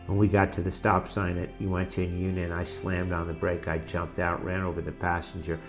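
A middle-aged man telling his own life story in a halting, emotional way, with many restarts. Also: low voice, level tone, music in the background. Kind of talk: personal testimony.

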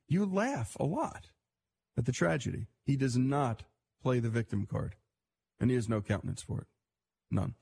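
A man's voice: a little high, vocal fry, darkish tone, slightly rough. A man hosting a radio storytelling show, introducing a segment in a reflective, conversational way.

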